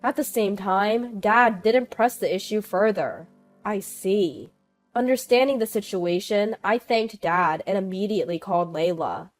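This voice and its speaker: A woman reading a first-person family drama as scripted narration, in an even, steady manner. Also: medium pitch, unhurried, soft background music.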